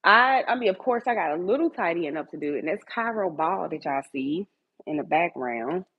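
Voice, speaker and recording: A woman's voice: fairly low pitch, animated, normal speed, background noise. A woman streaming live from her home kitchen at night, chatting casually with viewers and talking to her dogs. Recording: tinny phone-like sound.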